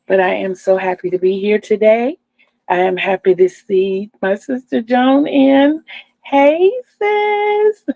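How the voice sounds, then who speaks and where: Slow, gravelly older woman. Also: mid-range voice, dry recording, phone-quality sound. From Virginia, USA. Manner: chatty, homey, speaks to viewers as "y'all". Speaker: crochet channel host. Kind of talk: casual livestream chat.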